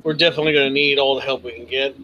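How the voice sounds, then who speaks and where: Hesitant companion NPC, earnest and halting, voiced plainly by a man with a little hiss of noise. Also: medium pitch, steady tone, sharp tone, lo-fi sound, natural voice. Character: Hans, a man of the party's allies.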